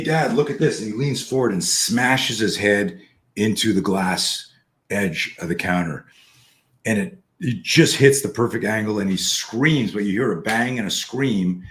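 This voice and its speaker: A man hosting a podcast over a call, telling a story in a casual, animated way and swearing freely. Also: on the low side. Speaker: podcast host.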